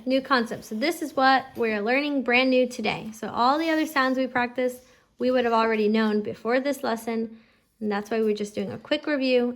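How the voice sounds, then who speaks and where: A patient mother talks through a reading lesson at home in a fairly high voice. She stretches out each letter sound slowly for her child. She explains every step plainly. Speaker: homeschooling parent teaching phonics. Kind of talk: instructional explanation to camera.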